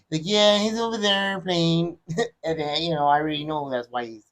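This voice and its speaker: A middle-aged man talks in a relaxed, rambling manner, his voice sitting a little high for a man. He keeps things loose with frequent asides as a podcast guest. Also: moderate pace. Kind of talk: casual chat.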